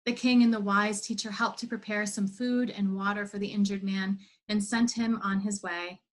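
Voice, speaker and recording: A woman telling a parable in an online church service, in a measured, steady reading. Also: medium pitch, rough recording. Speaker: worship leader.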